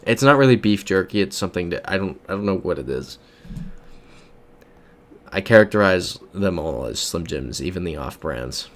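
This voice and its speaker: A young man with a low voice and an American accent chats casually on a live stream. He mutters guesses to himself and reads viewer messages aloud in an easy, rambling way. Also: lively intonation, moderate pace. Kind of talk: casual live-stream chat while playing a geography game.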